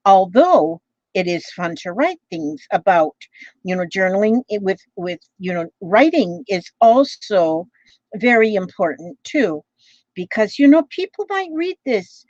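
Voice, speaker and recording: A woman's voice: medium pitch, big pitch swings, a little slow, a little mellow, no echo, lo-fi sound. A woman talking casually as a craft vlogger, rambling along with many fillers and restarts. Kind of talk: casual chat.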